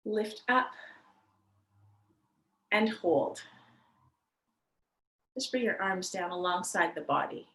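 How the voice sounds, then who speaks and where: A woman guides a chair yoga session in a gentle, upbeat way and laughs easily between cues. Her voice sits at an ordinary middle pitch. The sound is roomy, with clear echo around her. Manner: gentle, cheerful, laughs often. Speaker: yoga instructor. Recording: echoey room.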